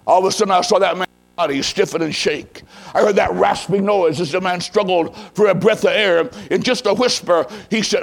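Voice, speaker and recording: A man preacher telling a story in a sermon, dramatic, swinging from hushed low tones to loud emphasis. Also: brisk, creaky, low-quality recording.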